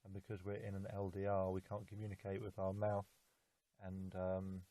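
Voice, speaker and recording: A man's voice: low-pitched, monotone, moderate pace, mellow, dry recording. A young man recording a heartfelt love message to his girlfriend, earnest and repetitive, stumbling over fillers. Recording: tinny phone-like recording.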